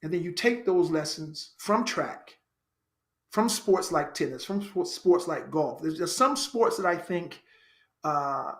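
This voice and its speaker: A man from Chicago, a podcast guest, telling his life story in an earnest, animated way and repeating phrases for emphasis. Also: a little high, measured pace. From Chicago, United States. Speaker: podcast guest, actor and writer. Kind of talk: reflective personal storytelling.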